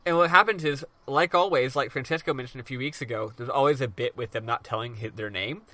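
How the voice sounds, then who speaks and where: A man's voice: mid-range voice, fast, sharp tone, no room sound. A man hosting a podcast, casually recapping a game in a rambling, profane way full of "um"s. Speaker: podcast host.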